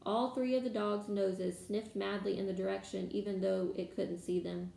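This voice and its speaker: A woman reading a novel aloud to listeners in steady storytelling manner, in an echoey room. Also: medium pitch, moderate pace, gravelly. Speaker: reader. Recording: echoey room, faint background noise.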